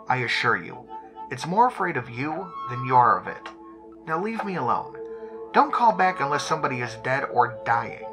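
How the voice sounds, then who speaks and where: A weary, impatient sheriff's deputy, played by a man, sighing through a late-night phone call. His intonation swings widely. Music plays clearly behind him in this horror audiobook. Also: medium pitch, natural voice. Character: tired, grumpy male sheriff's deputy woken at night.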